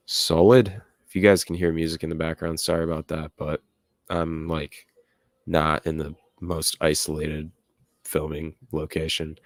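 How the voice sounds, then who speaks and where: A young man with a low, deep voice hosts a casual livestream, reading viewer comments and chatting loosely with plenty of "like" and "uh". The recording is dry and close, with little room sound. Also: little pitch movement, unhurried, no echo. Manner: rambling, filler-heavy, laughs at chat comments. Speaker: livestream host reading chat. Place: home room with music playing nearby.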